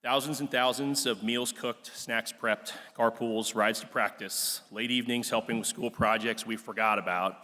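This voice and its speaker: A young adult man, the class president, delivers an earnest, emotional ceremony speech in a large auditorium, using plenty of fillers. His voice is medium-pitched, bright and forceful, and the recording has a long hall reverb.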